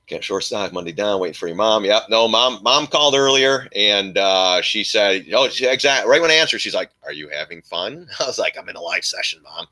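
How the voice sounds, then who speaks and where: A man hosts a casual live stream, chatting loosely and ranting with frequent laughs. His voice sits on the low side but comes across bright and forceful. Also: expressive, moderate pace.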